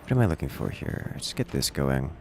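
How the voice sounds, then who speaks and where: Super deep gravelly guy chatting on a game stream, lively ups and downs, faint music behind. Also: a little fast. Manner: musing aloud while playing, reading chat. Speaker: livestream host. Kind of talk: casual gaming livestream chat.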